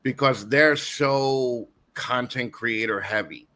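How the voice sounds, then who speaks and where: A man's voice: medium pitch, takes it slowly, pushed and bright. A man guest hosting a casual podcast, telling a rambling story full of restarts and laughter. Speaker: guest host.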